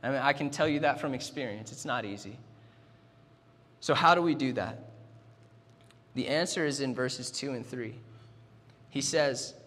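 A man's voice: mid-range voice, normal speed, long pauses, fairly bright tone. A young man preaching a sermon in an earnest way, often repeating words as he starts his sentences. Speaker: pastor. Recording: long hall reverb.

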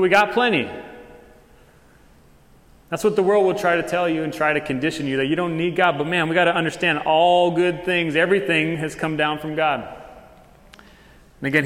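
A man delivers a sermon in a loose, conversational manner, slipping into short acted-out exchanges. His voice sits on the higher side. The sound carries a long reverb from a large, echoey church hall. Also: a bit bright. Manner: casual conversational preaching with quick dramatized asides. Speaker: pastor.

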